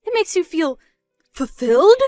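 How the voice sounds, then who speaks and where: A woman's voice: very high-pitched, sing-song, a little slow, dark tone, faint music behind, full character voice. A woman voicing a controlling, scornful middle-aged mother, nagging and incredulous in a scripted story dub.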